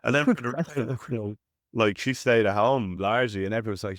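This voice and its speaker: A man's voice: on the low side, fast talker, no room sound, studio quality. An Irish man in his thirties co-hosting a podcast, telling chatty stories and acting out the voices of the people he quotes. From Ireland. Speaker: podcast co-host. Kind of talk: casual chat.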